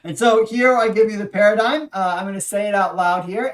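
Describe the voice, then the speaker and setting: A language instructor delivers a recorded lecture, patiently explaining and leading repeat-after-me drills full of pauses and fillers. The voice is medium-pitched, and the mic is distant.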